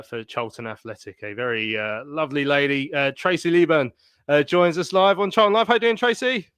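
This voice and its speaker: Man, podcast host, smooth dry voice, hesitant fillers. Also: a little high, fairly bright tone, no room sound. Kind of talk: casual fan podcast chat.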